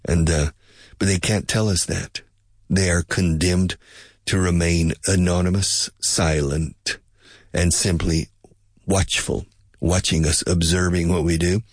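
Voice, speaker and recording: A man's voice: deep voice, little pitch movement, unhurried, slightly rough, no echo, studio quality. A man teaching English in a casual spoken lesson, musing and speculating aloud and drilling pronunciation by repetition.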